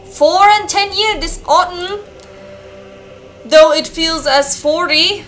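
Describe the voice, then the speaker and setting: A woman's voice: very high-pitched, slow pace, fairly bright tone, faint music behind, pitched above the performer's own voice, full character voice. A woman voicing a formal, pious old village priest with archaic speech. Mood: grave.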